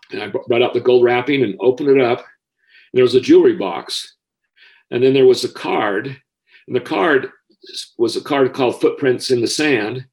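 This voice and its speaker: A middle-aged man, a school counselor, telling a personal story in an earnest, emotional way with halting restarts. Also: mid-range voice.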